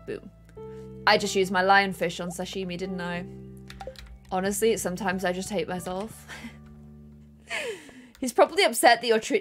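A young woman chatting casually and excitedly while playing a co-op farming game with friends. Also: medium pitch. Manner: bubbly, excitable, giggly. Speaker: gaming streamer. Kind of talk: casual co-op gameplay chat.

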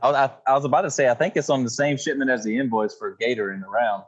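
A man's voice: medium pitch, fairly even intonation, fast talker, slightly rough, lo-fi sound. A man from Louisiana with a Louisiana accent, a guest talking easily over a video call. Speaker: podcast guest. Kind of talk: casual chat.

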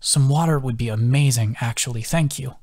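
A man voicing an injured young man who jokes wryly through breathy exhaustion, in an audiobook. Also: on the high side, animated, fairly quick. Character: injured young man, wry joker, weak.

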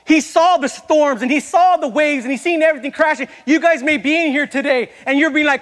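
A man's voice: very high voice, brisk, hardly any pauses, fairly bright tone, big-room sound. A young man preaching an impassioned sermon as a youth pastor in a church, repeatedly calling out to the congregation.

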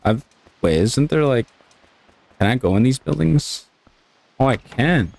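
A man giving casual gameplay commentary who is excitable and swears and laughs when he gets frustrated. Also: medium pitch, measured pace, vocal fry. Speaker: let's play gamer.

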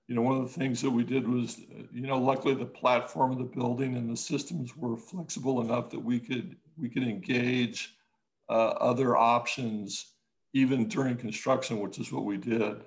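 A man, an architect, talking casually in an interview, halting with many restarts and growing lively when he tells a story. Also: mid-range voice, rough recording. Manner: halting, many restarts and fillers, animated when telling stories.

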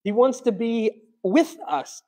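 A man preaching a sermon as pastor, conversational, swinging between quiet asides and loud emphatic peaks. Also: extremely high pitch, very animated, takes it slowly. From United States. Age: adult, childhood long past.

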